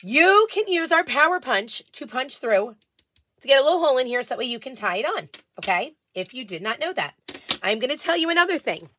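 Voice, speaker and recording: A woman hosting a casual live craft stream, chatting warmly with viewers and often restarting her sentences. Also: sits high, very animated, fairly quick. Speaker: live-selling craft host.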